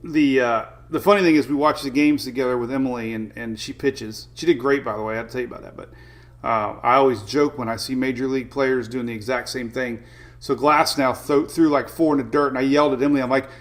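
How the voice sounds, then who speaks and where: A man's voice: mid-range voice, fairly even intonation, fast talker. A man hosting a weather livestream in a casual, chatty way, greeting viewers by name and laughing often.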